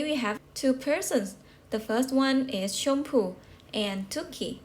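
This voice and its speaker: Slow, patient woman teaching English. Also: a little high, slight background noise. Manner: patient, repeats and checks with rhetorical questions. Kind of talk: slow classroom explanation.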